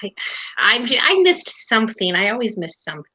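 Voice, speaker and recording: A woman co-hosting a live auction stream, giving brisk, upbeat instructions to bidders. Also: a little high, sing-song, sharp tone, no room sound, low-quality recording. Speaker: auction show co-host. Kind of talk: casual announcements.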